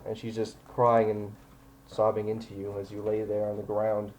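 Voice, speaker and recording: A man's voice: fairly low pitch, completely flat delivery, normal speed, darkish tone, a little hiss or hum, poor audio. A man running a tabletop game as game master, narrating scenes in an easygoing, chatty way.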